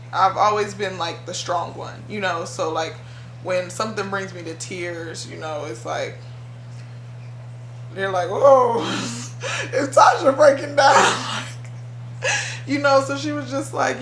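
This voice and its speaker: A young woman tells a personal story on her vlog, rambling and emotional, her words full of fillers. Her voice has a gravelly, fry-tinged edge at a middle pitch. The recording sits in an echoey room with a faint hum underneath. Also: fairly bright tone. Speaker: vlogger. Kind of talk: casual storytelling.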